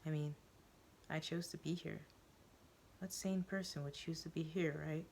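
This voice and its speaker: A woman voicing a quiet, detached girl patient who answers flatly and evasively. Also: deep voice, moderate pace, breathy edge. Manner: flat, hushed and evasive.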